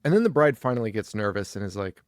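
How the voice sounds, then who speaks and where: A man's voice: fairly low pitch, animated, fast, dry recording, clean studio sound. A young man co-hosting a horror movie podcast in casual chat, recapping scenes with profanity and acting out the characters' lines. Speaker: podcast co-host.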